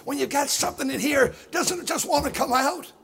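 Man, pastor, very high voice, loud, boisterous, fiery sermon, shouting. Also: fairly quick, gravelly.

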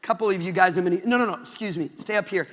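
High bright young preacher in a hall. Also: male voice, very fast. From Iowa, USA. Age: young adult. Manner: storytelling, addresses the crowd directly. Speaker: youth preacher. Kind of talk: sermon. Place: large church hall. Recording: long hall reverb.

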